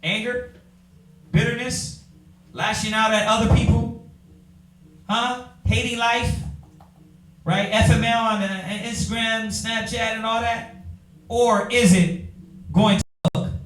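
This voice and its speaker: A man's voice: very high voice, flat delivery, takes it slowly, long pauses, fairly bright tone, faint music behind. A man teaching a Bible class in a preaching style, firing rhetorical questions at his listeners and calling on readers. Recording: echoey room from far off.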